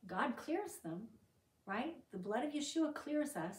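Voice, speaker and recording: A woman's voice: sits high, unhurried. Woman Bible study leader, conversational and questioning, recorded from a distance in a reverberant room. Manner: conversational, asks the group questions; reads scripture aloud with lively emphasis. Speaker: Bible teacher.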